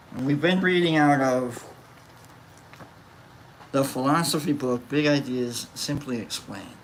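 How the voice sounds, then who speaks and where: A teacher giving a casual philosophy lesson, reading from a book and thinking out loud, with many fillers and self-corrections in a laid-back, jokey way. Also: medium pitch, slight background noise.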